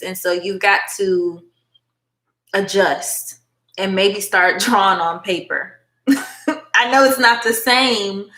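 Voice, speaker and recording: On a phone in an echoey room, a woman with a mid-range, slightly bright voice hosts a livestream tarot reading. She's chatty and affectionate, calling her viewers honey and baby girl.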